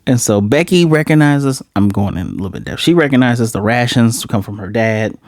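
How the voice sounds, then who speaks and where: Animated casual male anime reviewer. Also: medium pitch, no room sound, studio quality. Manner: animated storytelling with quick character voices and slang. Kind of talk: casual episode recap.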